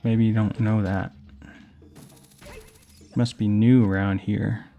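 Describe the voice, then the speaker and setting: A man's voice: lowish voice, little pitch movement, slow pace, creaky, dull audio. A young adult man casually commenting on a video game while telling rambling personal stories, with game music underneath. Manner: rambling storytelling while playing. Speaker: gaming host. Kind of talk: casual let's play commentary.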